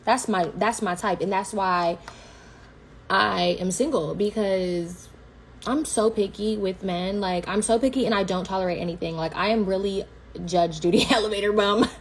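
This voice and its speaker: A young woman, telling a story on a livestream in a blunt, slangy, profane, animated way. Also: mid-range voice, moderate pace, slight background noise.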